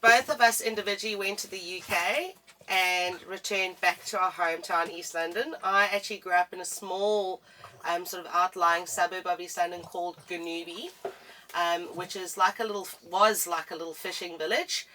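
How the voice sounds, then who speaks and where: South African woman, bright and lowish. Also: fairly even intonation, normal speed, recorded from a distance, a little hiss or hum, low-quality recording. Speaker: co-host. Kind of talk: casual chat.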